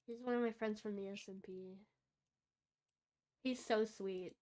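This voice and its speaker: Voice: mid-range voice, steady tone, measured pace, a little mellow. A VTuber chatting casually on a game stream, playful and giggly, laughing often between remarks.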